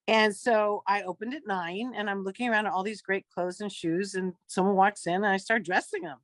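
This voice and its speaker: A woman in her fifties tells a story as an interview guest, her pitch sitting in the middle range and her delivery full of acted-out lines. The sound is dry and close, with no room around it. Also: normal speed, dry recording. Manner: lively storyteller who acts out quoted dialogue. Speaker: guest actress.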